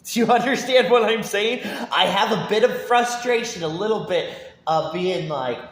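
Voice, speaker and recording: A man's voice: sits high, moderate pace, echoey room. A man ranting to his viewers about video games. He rambles, repeats his words, laughs often and keeps asking if they follow. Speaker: gaming YouTuber.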